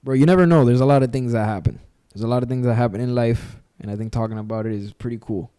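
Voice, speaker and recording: A man's voice: medium pitch, fast talker, dark tone, clean tone, no room sound, clean studio sound. A young man co-hosting a podcast in casual chat, emphatic and repetitive, calling his friend "bro" again and again. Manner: emphatic, repeats himself, says "bro" a lot. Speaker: podcast co-host.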